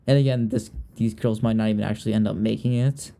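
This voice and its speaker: Quick, creaky, and warm, the lowish voice belongs to a young podcast host from Richmond, Virginia. He keeps his intonation fairly even while chatting casually and gossiping, often trailing off and beginning again.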